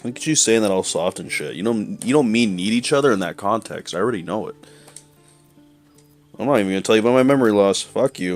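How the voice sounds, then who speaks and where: A man's voice: fairly low pitch, animated, fast, faint music behind. A young man streaming a game, joking crudely and talking back to the characters. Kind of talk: casual gameplay commentary.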